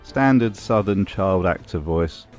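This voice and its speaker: A man's voice: low-pitched, expressive, measured pace, a little mellow, faint music behind. A man hosting a scripted commentary voice-over in a sardonic, mocking way. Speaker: host.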